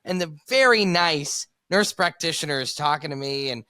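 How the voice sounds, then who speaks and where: Young man, congested, nasal, fairly high, sharp bright tone, rambling podcast chat. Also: expressive, normal speed, clear, resonant tone. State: congested, sinus infection. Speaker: podcast co-host. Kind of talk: casual father-son podcast chat.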